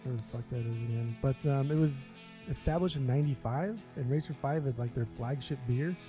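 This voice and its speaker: A man's voice: medium pitch, a little fast, warm tone, soft background music. A young man co-hosting a casual beer review, rambling in a laid-back way and cracking crude jokes. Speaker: podcast co-host reviewing beer. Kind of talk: casual chat.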